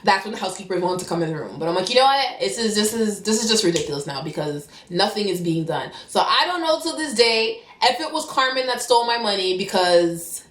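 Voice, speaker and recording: A young woman from Canada telling a story to camera in a fast, animated way, acting out heated back-and-forth dialogue. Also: medium pitch. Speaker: vlogger. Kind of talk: storytime vlog. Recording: roomy echo.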